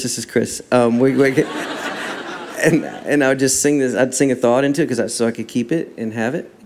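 Man telling stories in an interview. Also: mid-range voice. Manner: animated storyteller acting out dialogue. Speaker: worship songwriter and guest. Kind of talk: casual storytelling interview.

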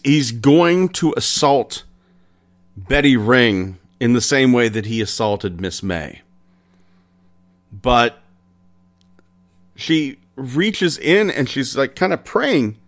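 A man in a middle register tells a true-crime tale for his podcast. He talks slowly and conversationally, pausing between phrases as the story unfolds. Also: mid-range voice. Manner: unhurried, conversational retelling with pauses. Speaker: podcast host.

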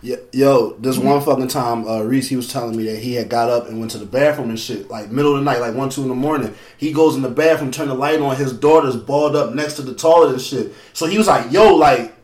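A young man talking fast and swearing in a casual chat among friends, jumping in often. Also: mid-range voice, fairly even intonation, darkish tone, reverberant.

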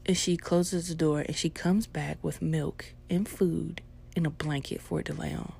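A woman's voice: low-pitched, steady tone, moderate pace, creaky, a little mellow, slightly rough. A young adult woman telling a personal story in a casual, laid-back and profane way.

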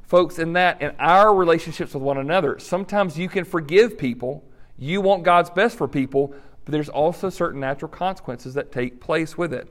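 A man's voice: on the high side, moderate pace. Earnest, direct male pastor. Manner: earnest, direct, conversational with fillers. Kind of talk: sermon.

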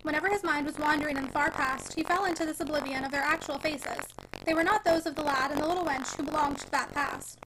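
A woman reads a classic novel aloud with an expressive, animated delivery. Her voice sits high and swings widely in pitch, with a gravelly edge. Steady noise hisses under the recording. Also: fast. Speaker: audiobook reader. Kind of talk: audiobook narration of a classic novel.

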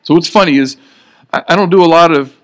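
A man's voice: on the high side, fast talker. A man giving a sermon in an earnest, conversational way, often restarting his sentences. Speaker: preacher.

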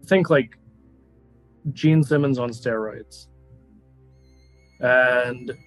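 Game master, male, relaxed and easygoing narration, mid-pitched voice. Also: rough recording. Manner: laid-back, laughs easily.

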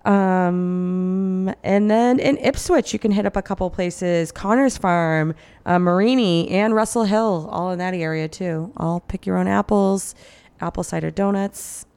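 A woman co-hosting a local radio show, chatting casually, full of ums and quick laughs. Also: fairly low pitch, darkish tone, smooth. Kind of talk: casual chat.

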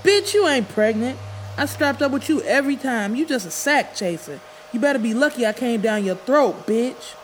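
A woman voicing a brash, crude male barber who talks in a loud, jeering, profane way. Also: fairly high pitch, sing-song, normal speed, slight background noise, pitched above the performer's own voice, poor audio.

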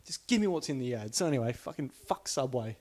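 This podcaster is an Australian man with a mid-range, slightly mellow voice, expressive and fast. His casual rant rambles and swears, and he keeps breaking off to restart sentences out of exasperation.

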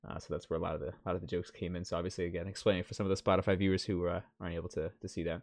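A man hosts a casual podcast and talks fast, often repeating his words. His voice sits a little low. He sounds relaxed and chatty as he wraps things up. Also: creaky. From Canada. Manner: rambling, repeats words while closing the show. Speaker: podcast host.

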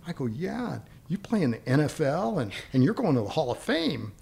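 A middle-aged man, a father of a big family, recounting anecdotes in a relaxed group chat. He talks with animation and slips into the voices of the people in his stories. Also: a little high, fairly quick, vocal fry, hardly any pauses. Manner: animated anecdote-telling, acts out quoted voices. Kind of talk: casual chat.

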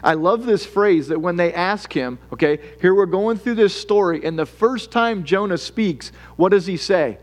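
A man's voice: sits high, expressive, moderate pace, few pauses. A man preaching a sermon in an earnest, conversational way, acting out worried prayers and reading Scripture aloud. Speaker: pastor.

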